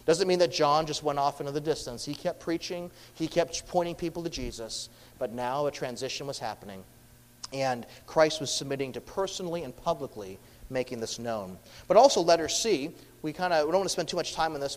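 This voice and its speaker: A man preaching a sermon, earnest and emphatic, swinging between raised lines and hushed, quiet ones. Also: fairly high pitch, normal speed. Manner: earnest, emphatic, lively rises and hushed drops. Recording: long hall reverb.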